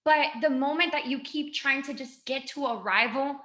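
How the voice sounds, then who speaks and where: A woman in her twenties with a high, fairly bright voice gives a motivational talk as a guest speaker on a video call. She is gushing and emotional, chatting fast.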